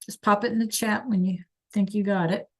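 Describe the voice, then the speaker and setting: A woman's voice: medium pitch, steady tone, fairly quick. A woman teaching a Spanish class over a video call, praising students by name and encouraging them.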